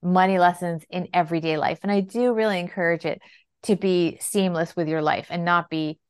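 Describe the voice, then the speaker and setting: A woman guest on a podcast, a financial planner telling parenting stories in a conversational, animated way and acting out the dialogue. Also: lowish voice, fairly quick, clean tone. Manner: animated, acts out quoted dialogue. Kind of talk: conversational storytelling. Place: lives in New York City.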